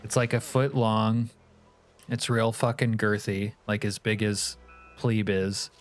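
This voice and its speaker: Profane, joking streamer man, low voice. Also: little pitch movement, slow, soft background music. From California. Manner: joking, profane banter with chat. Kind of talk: casual live-stream chat.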